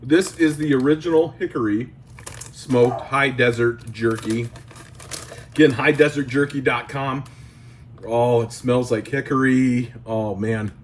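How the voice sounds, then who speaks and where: A man's voice: mid-range voice, fairly even intonation, a little slow, slight background noise. A man hosting his card collecting channel, chatting enthusiastically as he tastes and reviews jerky at home. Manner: enthusiastic, chatty, exclaiming while eating. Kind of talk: casual product review.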